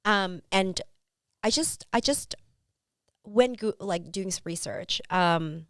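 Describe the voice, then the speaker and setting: A woman, a mother, co-hosting a casual podcast chat, telling stories with animated retellings and frequent swearing. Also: mid-range voice, slow, no room sound, studio quality. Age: adult with a son. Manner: animated storyteller, swears freely. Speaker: podcast co-host.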